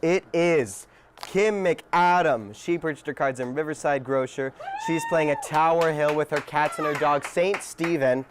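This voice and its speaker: A man's voice: a little high, unhurried, a little hiss or hum. A man co-hosting a live TV bingo show, playfully joking as he announces the winner.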